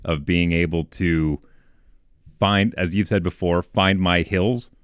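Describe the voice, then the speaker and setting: A man co-hosting a podcast, in a relaxed, reflective casual chat with frequent restarts. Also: sits low, takes it slowly, clear, resonant tone, no echo, clean studio sound. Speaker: podcast co-host.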